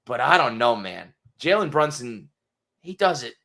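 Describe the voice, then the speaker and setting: A man co-hosting a sports podcast, animated and swearing freely. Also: mid-range voice, a little slow, vocal fry. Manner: animated, swears freely, voices quotes loudly. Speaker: podcast co-host. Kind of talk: casual sports chat.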